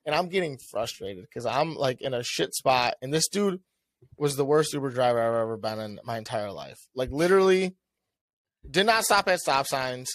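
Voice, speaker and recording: A young man co-hosting a podcast, telling a story in casual chat. He swears a lot and acts out what he said with a rising, animated voice. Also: mid-range voice, normal speed, dry recording. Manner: animated, swears often, acts out his own lines with a rising voice. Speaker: podcast co-host.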